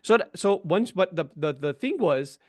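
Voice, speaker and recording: A man's voice: sits high, animated, moderate pace. A middle-aged man on a video call giving an explanatory webinar talk, often tagging "right?" and "you know". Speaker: webinar guest. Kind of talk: conversational webinar discussion.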